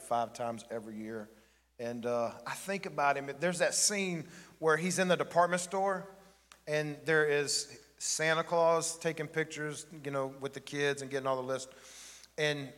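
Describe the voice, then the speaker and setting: A man's voice: medium pitch, fairly bright tone, long reverb tail. A man pastor giving a sermon in a church, joking and chatting with the congregation. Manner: joking, conversational preaching with the congregation. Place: church sanctuary.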